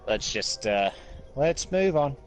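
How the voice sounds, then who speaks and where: A man's voice: medium pitch, big pitch swings, slow, faint music behind. A man playing along in a casual gaming chat. He talks in a medium voice, easygoing and matter-of-fact. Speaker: co-player.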